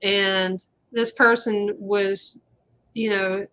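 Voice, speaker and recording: A woman's voice: medium pitch, level tone, very slow, a bit bright. A woman hosting a casual live chat, rambling and chatty with lots of fillers. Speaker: host.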